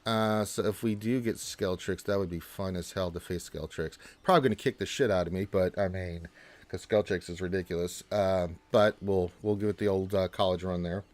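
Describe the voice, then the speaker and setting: A man hosting a casual gaming live stream, reading viewer chat in a loose, chatty way with restarts and sudden lifts in pitch. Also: steady tone, normal speed, a little mellow.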